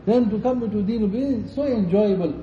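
A man preaching fast in a high voice, fervent and pleading as he repeats his invocations. He sounds far from the mic in an echoey mosque, on a dull lo-fi recording with faint noise behind him. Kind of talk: Ramadan night sermon and supplication.

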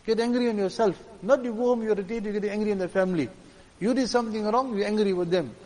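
A man's voice: sits high, quick pace, a little mellow, in a large hall, rough recording. A man preaching a sermon in an earnest, emphatic way, hammering home points with repeated phrases. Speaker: religious preacher.

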